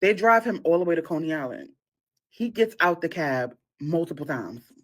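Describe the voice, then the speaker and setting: A woman in a played clip, telling a story casually in an animated, laughing, dramatic way. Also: sits low, normal speed.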